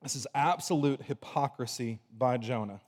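A man preaching a sermon to a congregation, moving between forceful emphasis and hushed, low passages. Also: moderate pace. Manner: dynamic preaching, swinging from loud emphasis to hushed low tones. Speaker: pastor. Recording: long reverb of a large hall.

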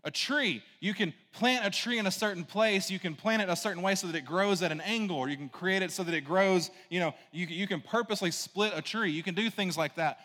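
Male pastor, high voice, casual rambling sermon, long hall reverb. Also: brisk, few pauses, sharp tone. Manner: casual, rambling, peppered with "like" and "right?". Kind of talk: conversational sermon.

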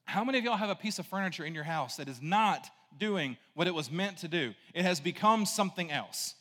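Male pastor, high voice, casual rambling sermon, long hall reverb. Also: animated, a little fast, sharp tone. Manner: casual, rambling, peppered with "like" and "right?". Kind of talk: conversational sermon.

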